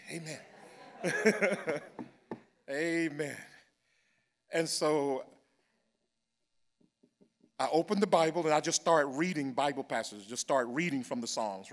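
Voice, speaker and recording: A man preaching, telling a personal story that builds into loud, drawn-out praise. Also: a little high. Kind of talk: sermon testimony. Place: church.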